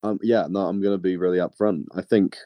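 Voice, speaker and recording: Deep-voiced man, hesitant film chat. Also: fairly even intonation, a little fast, mellow, dry recording. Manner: hesitant, stammering before he states his opinions.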